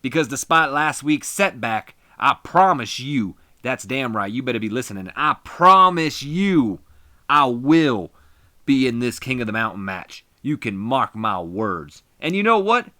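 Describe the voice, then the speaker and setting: Man doing a loud, cocky wrestler ranting. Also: mid-range voice, sing-song, a little slow, no room sound, studio quality. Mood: taunting. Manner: loud taunting ring promo. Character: brash cocky male wrestler ranting in the ring.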